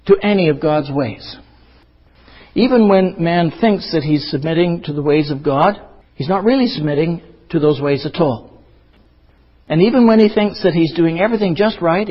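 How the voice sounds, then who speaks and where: A high-pitched, slightly husky man delivers an earnest sermon full of rhetorical questions and repeated phrases. The recording is muffled and lo-fi. His voice rings with the long reverb of a large hall. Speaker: preacher.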